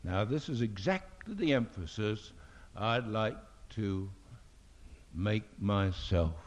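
Older guy preaching, super slow and emphatic, voice swings up and down a lot. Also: fairly low pitch, animated. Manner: slow, deliberate, emphatic, with solemn scripture reading. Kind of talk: sermon at a fellowship meeting. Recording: dull lo-fi recording.

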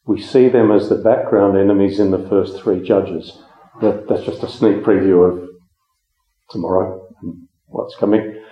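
A man with a fairly low voice gives a Bible teaching sermon, speaking conversationally with frequent ums and restarts. The room sounds roomy and echoey, and the recording is dull and lo-fi. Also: fairly even intonation, a little slow. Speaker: preacher.

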